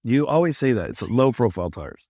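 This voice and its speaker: A man's voice: mid-range voice, big pitch swings, brisk, mellow. Joking, rambling married man. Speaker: podcast co-host. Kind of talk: casual chat.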